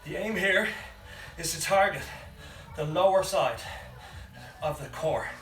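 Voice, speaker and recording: A man's voice: on the high side, measured pace, fairly bright tone. A man coaching a home workout, out of breath as he counts down reps and gives encouraging cues. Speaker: fitness coach. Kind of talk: live workout instruction with counting. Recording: roomy sound from a distant mic with faint music behind.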